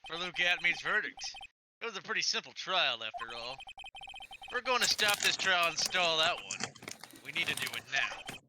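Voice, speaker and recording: A man's voice: fairly high pitch, very animated, normal speed, background noise. A man voicing a cool, cocky male prosecutor in a fan voice acting of a game, in a smug, theatrical drawl.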